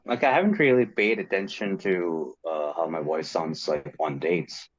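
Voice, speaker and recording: A man's voice: low-pitched, moderate pace, highs cut off. A man asking a coach for dating advice on a livestream, hesitant and full of fillers.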